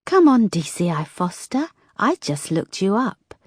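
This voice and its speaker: A woman doing a whispery, calm killer on the phone. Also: medium pitch, slightly rough, dry recording, clean studio sound, pitched above the performer's own voice. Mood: cold, calm. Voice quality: muffled, whispery. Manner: slow, calm, menacing.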